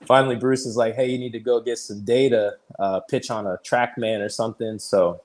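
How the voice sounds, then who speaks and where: A man in his thirties, a pitcher guest on an interview show, telling his story casually, peppered with "like" and easy laughs. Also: steady tone, a little fast, darkish tone. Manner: chatty, fills speech with "like", retells conversations; laughs easily while telling stories.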